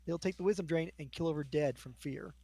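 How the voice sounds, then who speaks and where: A man's voice: fairly high pitch, quick pace, vocal fry, warm tone, husky. A man acting as game master, narrating scenes in a casual tabletop role-playing session. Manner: casual, describing scenes at length.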